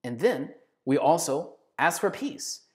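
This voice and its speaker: A man preaching a sermon in an earnest, emphatic way, slowing down and dropping to a hush on key phrases. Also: a little high, sing-song.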